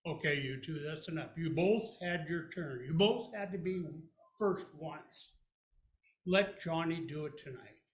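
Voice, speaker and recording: A man doing a calm, firm dad. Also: measured pace, natural voice. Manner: low and calm, then loud teasing. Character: calm, firm father of the family. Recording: echoey room.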